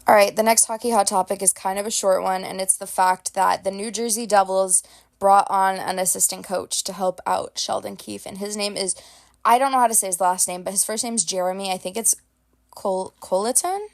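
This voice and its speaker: A woman's voice: mid-range voice, fairly even intonation, moderate pace, vocal fry. Young woman, podcast host, casual solo chat, lots of "like", recorded at home. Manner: chatty, many "like"s, laughs at herself. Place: home, dogs beside her.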